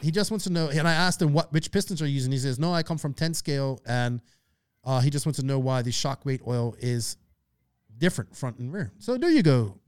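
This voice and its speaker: A man's voice: mid-range voice, expressive, fairly quick, smooth, no room sound, clean studio sound. A man hosting a casual podcast, chatty and loose, reading listener questions aloud. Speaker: podcast host.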